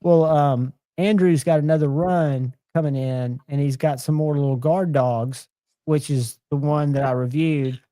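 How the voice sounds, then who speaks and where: A man's voice: on the high side, fairly even intonation, unhurried, warm tone, dry recording. A man, chatting casually and enthusiastically as host of a live knife show.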